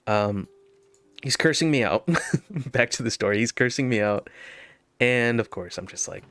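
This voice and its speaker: A man's voice: mid-range voice, normal speed, a bit bright, no echo. A man telling a story while playing a game, rambling with many fillers and nervous laughs. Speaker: gaming video host. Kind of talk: casual gameplay commentary with storytelling.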